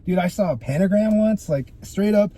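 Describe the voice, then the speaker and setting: Laid-back storytelling guy, dark tone. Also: sits high, normal speed. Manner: animated, profane storytelling with lots of "dude" and "like". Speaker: guest photographer. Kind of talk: casual podcast storytelling.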